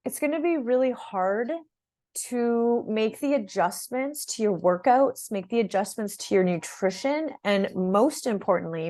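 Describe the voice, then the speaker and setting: A woman's voice: mid-range voice, a little mellow. A middle-aged woman fitness coach talking straight to her viewers about a program, in a chatty style. She repeats words and often checks in with "right?" and "okay?". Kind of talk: direct-to-camera program overview.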